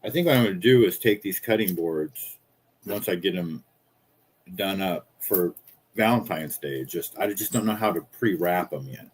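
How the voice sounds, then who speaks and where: A man's voice: low voice, expressive, moderate pace, slightly rough. A man in his fifties, a small-business chocolatier, ranting casually in a profane, rambling, indignant way. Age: 50s.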